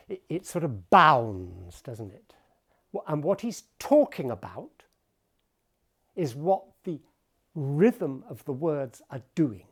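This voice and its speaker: A man giving a talk at the piano about poetry and music, explaining with thoughtful pauses. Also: on the high side, very animated. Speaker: pianist and lecturer.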